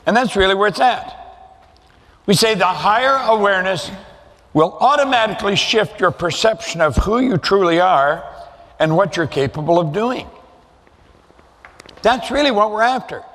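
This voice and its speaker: A man's voice: a little high, a bit bright. An older man giving a motivational seminar talk to an audience, conversational and storytelling, repeating his points for emphasis. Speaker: motivational speaker. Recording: long hall reverb.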